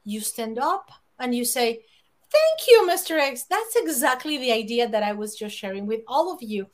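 Animated woman. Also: a little high, moderate pace. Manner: emphatic, animated, laughs often, acts out quoted lines. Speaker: guest speaker on public speaking. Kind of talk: lively conversational advice.

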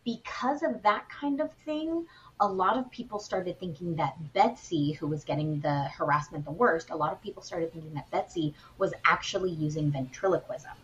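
A woman co-hosting a podcast, retelling a spooky story in a casual, animated way with plenty of fillers. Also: lowish voice, moderate pace, highs cut off, a little hiss or hum. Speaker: podcast co-host.

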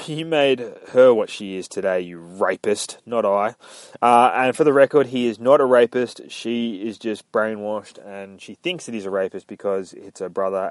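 A man's voice: on the low side, no room sound. Profane laid-back man recapping a comic. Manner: profane, laid-back, jumping into character voices. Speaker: comic book podcast host. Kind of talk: casual comic recap with acted dialogue.

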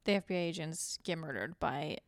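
A woman's voice: low-pitched, a little fast, no echo. A young woman co-hosting a podcast, chatting casually and laughing as she recaps a movie and puts on voices for the characters. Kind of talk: casual chat.

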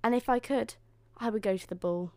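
A woman's voice: fairly high pitch, a little fast, a little mellow, no echo, close to an everyday voice. Cinderella, a woman voicing a sweet girl. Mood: wistful.

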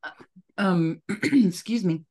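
A woman's voice: lowish voice, takes it slowly, darkish tone. Frank, direct woman co-host. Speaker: podcast co-host. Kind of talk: casual chat.

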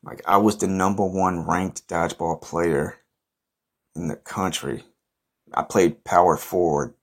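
A young man with a very low voice spins a ridiculous boastful story for his podcast. He talks in a loose, rambling deadpan, full of swearing and fillers. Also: a little slow. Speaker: podcast host.

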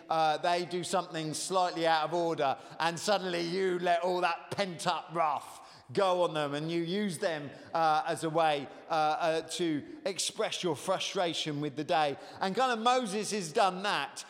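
Brief: male preacher, high-pitched, chatty sermon with an echoey hall sound. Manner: conversational, with hesitant fillers and rising emphasis.

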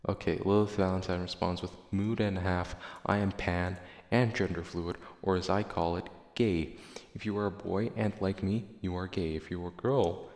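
A man's voice: sits low, creaky. A male podcast host in casual chat, reading listener replies aloud in a profane, sarcastic, rambling way. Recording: echoey room with long reverb.

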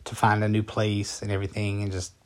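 A man casually telling a personal story as a vlogger, rambling and conversational with a calm, matter-of-fact delivery. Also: on the low side, brisk. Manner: rambling and conversational, with frequent fillers and restarts.

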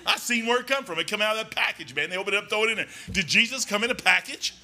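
A man's voice: high voice, rapid-fire, sharp tone. A man preaching a folksy, rambling sermon in a church, talking emphatically and conversationally.

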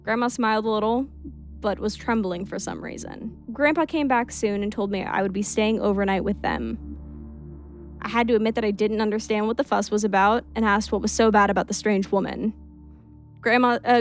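Woman narrator, creepy story read aloud, steady telling, casual asides, faint music underneath. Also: medium pitch, moderate pace.

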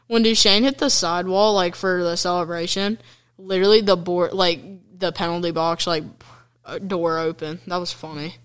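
Excitable young man recapping hockey highlights. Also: normal speed, smooth. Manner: excitable, chatty, fan-like, with slang and fillers. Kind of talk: casual recap commentary.

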